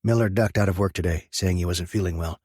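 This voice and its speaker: A man voicing a calm adult male biker and former Marine in an audiobook, steady and businesslike. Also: low voice, fast, breathy edge, dry recording, clean studio sound. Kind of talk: audiobook character voice.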